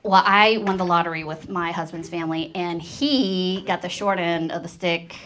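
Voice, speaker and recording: A woman's voice: lowish voice, normal speed. A woman in her thirties doing a stand-up comedy set on stage, telling stories and acting out the quotes. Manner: animated storytelling with acted-out quotes. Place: comedy stage before a live audience. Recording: laughing crowd in the room. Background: audience laughter.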